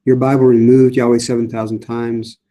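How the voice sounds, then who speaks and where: Speaking in a mid-range, level, warm voice at a slightly quick clip, a middle-aged priest hosts a laid-back Bible study. He takes viewer questions conversationally, with frequent fillers and restarts.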